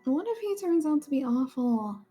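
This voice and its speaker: Young game heroine, high-pitched, fretful Southern drawl, read by a woman streamer. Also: very animated, normal speed, dark tone, faint music behind. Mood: anxious. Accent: put-on Southern US.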